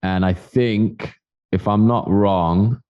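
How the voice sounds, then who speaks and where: A man co-hosting a podcast, laying out a measured, speculative analysis in casual chat. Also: fairly low pitch, fairly even intonation, highs cut off. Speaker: podcast co-host.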